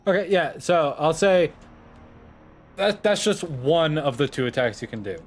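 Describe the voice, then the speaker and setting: A man acting as dungeon master, running a tabletop game in a casual, quick way. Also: fairly high pitch, soft background music.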